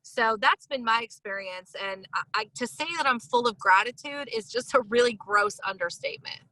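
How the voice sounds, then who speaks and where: A woman hosting a casual interview chat, talking in an emotional, enthusiastic and expressive way. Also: fairly high pitch, normal speed, dry recording, low-quality recording. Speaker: podcast host.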